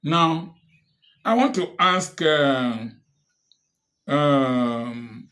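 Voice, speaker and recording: A man delivering impassioned political commentary in a fairly high voice. He speaks slowly and deliberately, hammering home one rhetorical question after another. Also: sharp tone. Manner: repeated pointed rhetorical questions.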